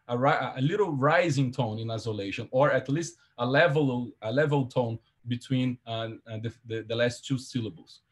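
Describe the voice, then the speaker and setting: A man giving an academic seminar talk at a medium pitch, with a husky edge to his voice. He explains carefully, pausing on fillers and correcting himself as he goes. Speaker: seminar presenter.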